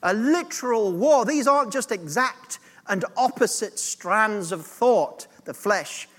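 A man's voice: high-pitched, animated, takes it slowly, fairly bright tone, big-room sound. A man preaching a sermon as pastor, earnest and direct, drawing the congregation into call-and-response.

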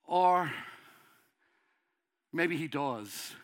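A middle-aged man with a Northern Irish accent preaching a sermon, passionately, building to loud pleading. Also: fairly high pitch, lively intonation, extremely slow. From Northern Ireland.

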